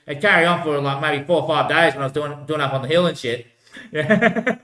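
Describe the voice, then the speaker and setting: Bright-voiced man rambling in an echoey room. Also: on the high side, a little fast. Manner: repetitive, keeps saying "mate" and "bloody hell"; loose, drifting talk with frequent laughs. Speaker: vlogger. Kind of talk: rambling solo monologue.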